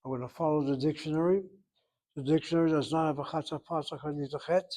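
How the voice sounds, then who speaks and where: Male language teacher, fairly high voice, emphatic, repeats himself, corrects students. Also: steady tone, quick pace, warm tone. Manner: emphatic, repeats and corrects students, thinks aloud while spelling. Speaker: Hebrew teacher. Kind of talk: online class teaching.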